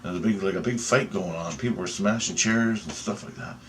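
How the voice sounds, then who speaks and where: A man telling a dream story in an excitable, rambling way, swearing often and restarting sentences. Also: deep voice, a little fast, background noise.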